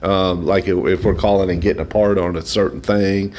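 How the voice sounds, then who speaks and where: A man's voice: sits low, steady tone, brisk, a little mellow. A man who is a mechanic, a regular guest on a call-in radio show, explaining car matters in an easygoing way. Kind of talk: casual radio chat.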